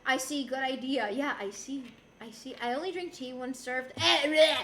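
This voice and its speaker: Casting: high-voiced woman, casual streamer chat, laughs a lot, roomy echo. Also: moderate pace, a bit bright. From Puerto Rico. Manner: laughs often, switches between English and Spanish. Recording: roomy with faint background noise.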